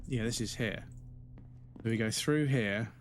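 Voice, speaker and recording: A man's voice: mid-range voice, unhurried, noisy background. A British man streaming a horror game from home into a desk microphone, chatting with viewers and swearing freely. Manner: chatty, swears freely, reads chat aloud. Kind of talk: casual live gaming stream. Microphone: desk microphone on a stand.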